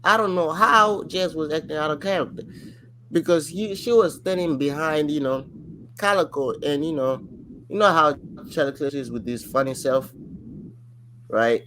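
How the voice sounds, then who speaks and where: A man co-hosting a podcast in casual chat, telling a story in an animated, rambling way full of fillers. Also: fairly high pitch, normal speed, a little hiss or hum. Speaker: podcast co-host.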